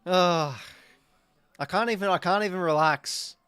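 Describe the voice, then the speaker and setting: A higher-pitched Australian man calls a football match live as a fan watching along. He swears freely and gets worked up over every play, with loose, chatty commentary. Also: a little slow, fairly bright tone, clean tone, dry recording. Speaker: host.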